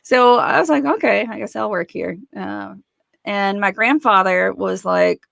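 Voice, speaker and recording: A woman in her forties talks through her story as an interview guest, her mid-pitched voice carrying a gravelly edge. She slips into the voices of the people she quotes and laughs as she goes. The recording is dry and close. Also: unhurried, no echo. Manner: animated, acts out quoted voices, laughs often.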